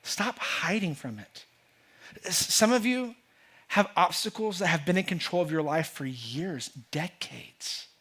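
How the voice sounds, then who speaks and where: A man's voice: sits high, animated, unhurried, fairly bright tone, breathy edge. A man preaching a sermon to a church congregation, earnest and emphatic, often repeating words and restarting as he builds a point. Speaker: pastor. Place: church sanctuary.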